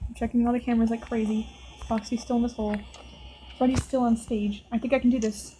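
Woman let's-play host, nervous chatter at the game characters, higher-pitched voice, faint hiss on the track. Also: little pitch movement, fast, dark tone, poor audio. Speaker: gameplay video host. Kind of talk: casual let's-play commentary.

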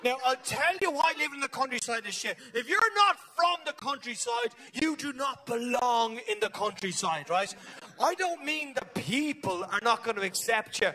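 A man with a Dublin Irish accent doing a live stand-up routine, energetic and swearing, checking in with "right?" again and again. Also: very high-pitched, normal speed. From Ireland. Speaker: stand-up comedian. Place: comedy stage.

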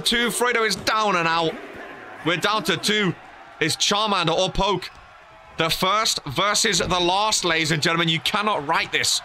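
A young man calling a wrestling video game match with a very bright, ringing voice pitched a little high. He keeps up a running play-by-play and jumps to excited shouts at the near falls. A faint noise sits under the voice. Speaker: play-by-play commentator.

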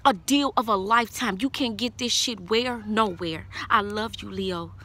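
A woman's voice: mid-range voice, moderate pace, sharp tone, slight background noise. A woman giving a tarot reading in a casual vlog, talking bluntly with lots of swearing, scolding and then reassuring. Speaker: tarot reader.

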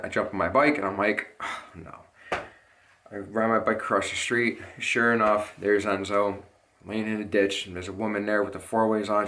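Young male vlogger, fairly low voice, rambling and urgent, casual swearing. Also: fairly bright tone. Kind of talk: emotional storytelling to camera.

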